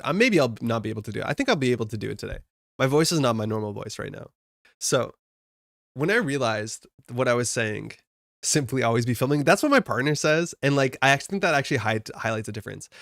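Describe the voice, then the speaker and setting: A man's voice: mid-range voice, creaky, a bit bright, dry recording, clean studio sound. A young man streaming live, chatting casually and rambling as he reads chat aloud. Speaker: card game streamer.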